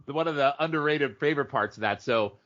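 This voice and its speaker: A man co-hosting a podcast, telling stories in animated, rambling casual chat and jumping into goofy impressions. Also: mid-range voice, fast. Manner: animated storyteller, mimics people in funny voices. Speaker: podcast co-host. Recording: dull lo-fi audio.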